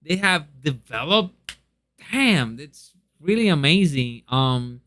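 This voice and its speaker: A man's voice: on the high side, very animated, takes it slowly, fairly bright tone. A young man chatting casually and eagerly in a review, with lots of ums and restarts. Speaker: manga reviewer.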